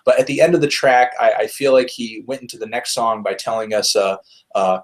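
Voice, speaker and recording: A man's voice: medium pitch, fairly quick. A man hosting a casual album review discussion, thinking aloud with frequent fillers and restarts. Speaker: music reviewer, host.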